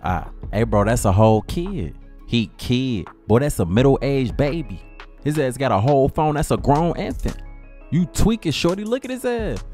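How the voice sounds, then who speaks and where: A man's voice: mid-range voice, expressive, moderate pace, warm tone, soft background music. A man telling a comic story in a brash, slangy style, trading insults. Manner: brash slangy trash-talk. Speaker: comedy storyteller.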